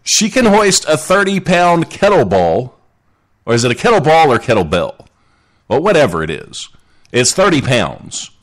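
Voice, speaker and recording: A man with a drawl hosts a casual live podcast show. His voice rises and falls a lot as he jokes, and he keeps things chatty while reading comments from the listener chat aloud. His pitch sits in a middle range. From Southern United States. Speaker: podcast host.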